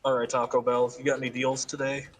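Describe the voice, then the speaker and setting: A man with a mid-range voice joins a friend's gaming livestream for casual chat. He tosses off dry, quick-witted remarks, and a faint noise sits under his voice. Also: mid-range voice, little pitch movement, rough recording. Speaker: streamer's friend.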